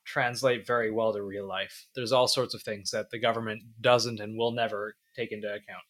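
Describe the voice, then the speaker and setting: A man's voice: fairly low pitch, flat delivery, normal speed, a bit bright. A man co-hosting a podcast, joking and teasing in casual chat. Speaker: podcast co-host.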